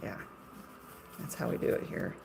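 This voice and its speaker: A woman's voice: fairly low pitch, lively intonation, normal speed, a little hiss or hum. A middle-aged woman, a shop owner, chatting casually on a livestream in a chatty, self-deprecating way and laughing often.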